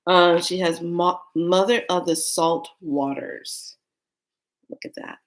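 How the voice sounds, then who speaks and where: A woman who reads oracle cards, telling a rambling, excitable story in a casual vlog. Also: fairly low pitch, slow. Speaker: oracle card reader.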